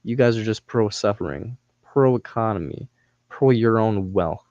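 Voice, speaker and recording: A man's voice: on the low side, a little slow, a little mellow, dry recording, muffled recording. A man on a livestream, ranting angrily at his viewers with taunting, profane insults. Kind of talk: angry livestream rant at chat.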